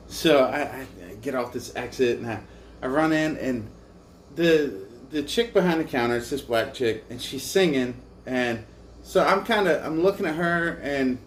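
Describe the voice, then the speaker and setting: A man's voice: medium pitch, a little hiss or hum. Tired, profane man telling a road story. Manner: crude, profane, self-mocking storyteller. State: tired from little sleep. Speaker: motorcycle travel vlogger. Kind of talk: casual storytelling.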